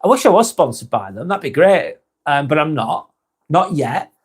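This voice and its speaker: A man's voice: a little high, big pitch swings, normal speed, husky. Chatty man reading live chat. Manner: chatty, swears casually, reads comments aloud.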